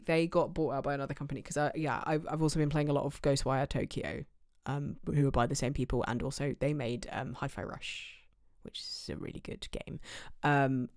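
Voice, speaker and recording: An English woman talks casually to her stream chat, rambling and restarting her sentences. Her voice sits low for a woman, and the sound is dry with no room echo. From England. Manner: chatty, rambling, many fillers and restarts.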